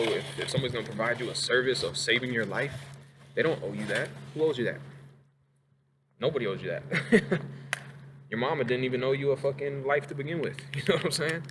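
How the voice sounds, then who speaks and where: A man's voice: medium pitch, noisy background. A man ranting casually in a profane, rambling way in his home kitchen. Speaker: vlogger. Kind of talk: casual rant to camera.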